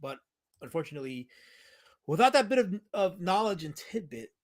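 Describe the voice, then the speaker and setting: A man's voice: high voice, big pitch swings, normal speed. Chatty man hosting a livestream. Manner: rambling, playful teasing of chat. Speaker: livestream host. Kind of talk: casual livestream chat about old movies.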